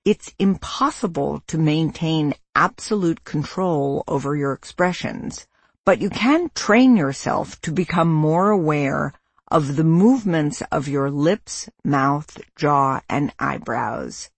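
A measured, instructive narrator reading a nonfiction book aloud. The delivery is slow and deliberate, with a gravelly, slightly husky texture. The sound is close and dry. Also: mid-range voice, expressive, dry recording. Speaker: audiobook narrator and parent.

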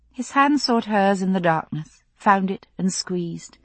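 Woman audiobook narrator, dry close sound, breathy low voice. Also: expressive, measured pace, hardly any pauses, dry recording. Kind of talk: scripted narration.

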